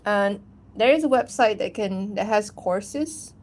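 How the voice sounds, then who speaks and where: A woman's voice: medium pitch, unhurried, a little hiss or hum. A woman animator chatting casually on a livestream, rambling and giggling, with lots of fillers. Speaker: animator streaming while answering chat.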